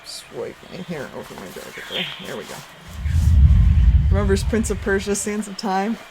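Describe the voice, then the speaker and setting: Woman streamer thinking aloud over loud noise. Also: medium pitch, very animated, moderate pace. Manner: thinking aloud, chatting with viewers. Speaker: game streamer. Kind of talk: casual live-stream commentary. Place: home basement. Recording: home stream mic with loud background noise.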